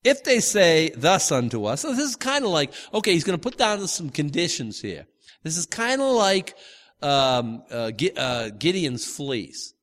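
A man's voice: fairly high pitch, very animated, unhurried, fairly bright tone, in a large hall. A man teaching from the Bible in a loose, conversational way, stumbling over restarts and acting out the quotes. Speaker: preacher.

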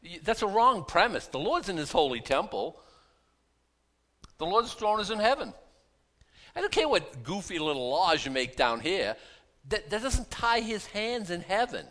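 A pastor preaching a sermon in a conversational, animated way, full of rhetorical questions. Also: male voice, high voice, measured pace, pauses often.

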